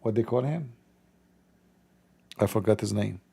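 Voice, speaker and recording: A middle-aged man hosts a livestream in a low, gravelly voice with a dark, mellow tone. He talks casually and then preaches bluntly and mockingly. His grammar is broken. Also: unhurried. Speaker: livestream host.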